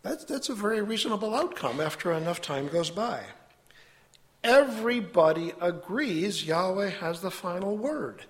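A man giving an earnest, measured sermon to a congregation and reading scripture aloud. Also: high-pitched, animated. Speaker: preacher.

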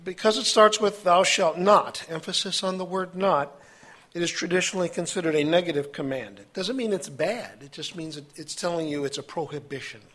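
A man preaching a sermon, reading scripture aloud with his own asides and halting now and then. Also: on the high side, expressive, fairly bright tone. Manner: halting, with fillers and self-corrections.

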